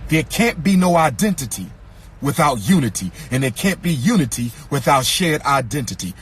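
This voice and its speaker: A man giving an impassioned lecture to an audience, with a preacher-like cadence, repeating lines for emphasis and rising to shouts. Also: on the high side, sing-song, normal speed, slightly rough.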